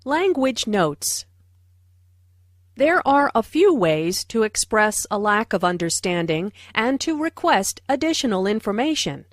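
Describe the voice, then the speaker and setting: A woman narrating language notes for an English lesson, speaking slowly and clearly. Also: medium pitch, very animated, no room sound, studio quality. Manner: slow, clear teaching delivery. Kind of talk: scripted narration.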